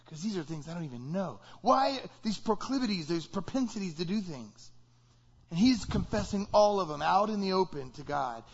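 A man's voice: high voice, animated, normal speed, husky, lo-fi sound. A man preaching a sermon in a conversational way, asking the listeners rhetorical questions. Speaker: pastor.

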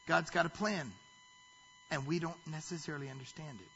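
A man preaching a sermon in a high, forceful voice with a husky edge. He reads scripture aloud and keeps stopping to ask the listeners rhetorical questions. The recording sounds dull and lo-fi. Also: brisk. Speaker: pastor.

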